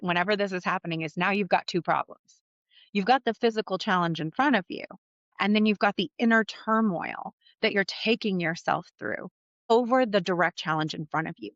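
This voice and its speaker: A woman life coach talks straight to her listeners in a candid, conversational solo podcast, blunt and unbothered about swearing. Her voice sits at an ordinary middle pitch. The recording is a little dull and muffled, with a dry, close sound. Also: a bit bright, dry recording.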